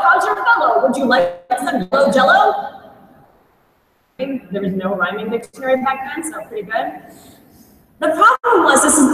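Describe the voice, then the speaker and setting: Young adult woman, high voice, animated storyteller, on stage, big echoey hall, distant mic. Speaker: conference speaker. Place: large conference hall.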